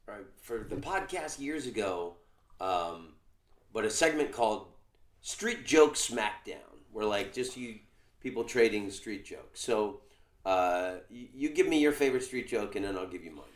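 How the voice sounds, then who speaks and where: A male comedian hosting a podcast, chatting casually in a rambling, halting way. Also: fairly low pitch, expressive. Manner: rambling, halting, many fillers. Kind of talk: casual chat. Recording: echoey room.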